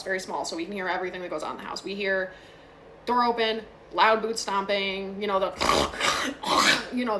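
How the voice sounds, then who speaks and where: Young woman, bright voice, casual ghost-story teller, faint hiss, phone video. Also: mid-range voice. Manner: chatty, frequent fillers and asides.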